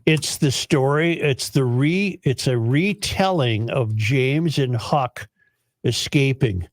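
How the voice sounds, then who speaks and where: A man's voice: medium pitch, slow, no room sound. Dry-voiced man hosting talk radio. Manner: rambling, storytelling, chuckling often. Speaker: radio show host. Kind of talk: casual talk radio banter.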